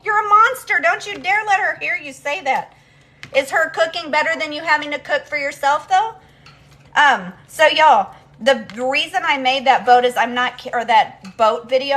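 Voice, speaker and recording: Chatty high-voiced woman streaming. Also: a bit bright. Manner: chatty and rambling, lots of ums. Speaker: livestreamer talking to her viewers. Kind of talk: casual live-stream chat. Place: at home, walking between rooms.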